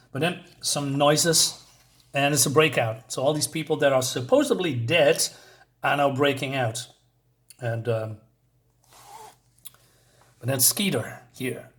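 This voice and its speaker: A man's voice: medium pitch, unhurried, pauses often. A man casually recapping a comic book in a loose, chatty way. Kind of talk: casual recap and read-aloud.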